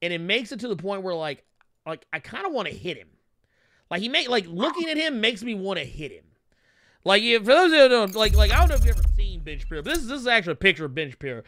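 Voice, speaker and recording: A man co-hosting a podcast, riffing in profane, animated casual commentary. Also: high-pitched, fast, no echo. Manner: animated, swearing, laughing, mocking voices. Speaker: podcast co-host.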